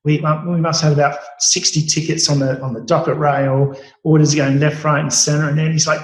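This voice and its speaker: A man's voice: a little high, level tone, fairly quick, hardly any pauses, reverberant, low-quality recording. Chatty middle-aged Australian man. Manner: rambling, many fillers and restarts, acts out quoted dialogue. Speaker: chef, podcast guest. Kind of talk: casual interview storytelling.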